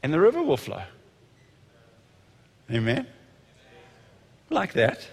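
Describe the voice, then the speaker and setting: A man preaching a sermon in an animated way, with frequent restarts and sudden bursts of loud emphasis. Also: on the high side, takes it slowly, vocal fry, husky, in a large hall. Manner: animated, rising to shouts when quoting, frequent restarts.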